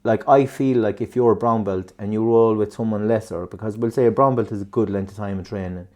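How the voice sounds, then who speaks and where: A man's voice: on the low side, fairly even intonation, a little fast, a little mellow. A man with an Irish accent, co-hosting a podcast in casual chat, telling rambling stories with plenty of swearing and laughter. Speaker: podcast co-host.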